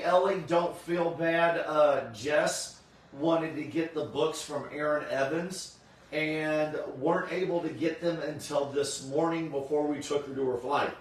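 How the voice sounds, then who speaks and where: A man's voice: a little high, heavy reverb, recorded from a distance. A tired man hosting a casual chat, rambling with many fillers and restarts. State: tired, yawning. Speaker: host of a convention recap stream.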